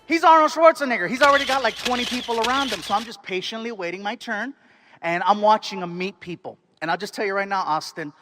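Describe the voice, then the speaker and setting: High-voiced animated stand-up comedian man. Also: fast, over music. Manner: animated, excitable, acts out scenes. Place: comedy stage.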